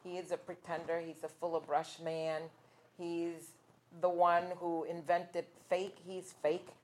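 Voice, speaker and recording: A woman's voice: fairly low pitch, little pitch movement, a little slow, a little mellow, slight background noise. A woman co-hosting a casual political talk show, speaking hesitantly with many fillers. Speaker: co-host.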